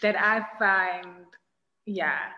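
A woman's voice: medium pitch, drawn-out words, pushed and bright, long reverb tail, highs cut off. A woman moderating a panel discussion, casual and enthusiastic, asking questions and reacting with interest. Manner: enthusiastic, casual, uses slang.

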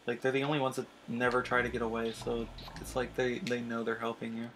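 A man talks casually over his own gameplay in a medium-pitched voice. His commentary is relaxed and loose, with bursts of enthusiasm about what he's seeing. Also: a little fast, a little hiss or hum, poor audio. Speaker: let's play commentator.

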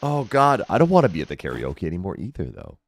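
Jumpy, lively young male streamer. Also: low voice, quick pace. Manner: jumpy, nervous, self-mocking. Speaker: gaming streamer. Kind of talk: horror game let's play commentary.

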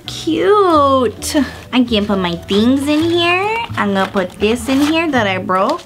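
A woman's voice: high-pitched, sing-song, slow, over music. A young woman hosting her own vlog, gushing and gasping through a casual unboxing chat, full of fillers. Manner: bubbly and gushing, gasping often, filler-heavy with "like". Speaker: vlogger host.

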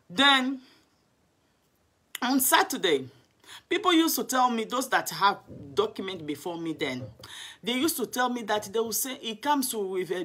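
A woman's voice: mid-range voice, fairly bright tone. A woman evangelist telling her personal testimony, earnest and emotional, often restarting her sentences. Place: home in London.

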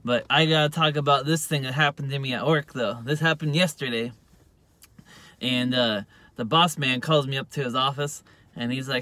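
A man's voice: mid-range voice, fairly even intonation, normal speed, bright, forceful tone. A man vlogging into his phone in a casual, rambling monologue, leaning on "you know" at every turn. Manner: rambling, heavy use of "you know" fillers. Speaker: YouTube vlogger.

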